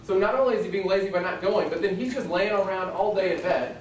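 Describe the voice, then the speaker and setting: A man's voice: sits high, quick pace. A man preaching a sermon in a casual, conversational way, retelling a film scene before turning to scripture. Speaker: pastor. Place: lecture room. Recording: echoey hall, distant mic, faint noise.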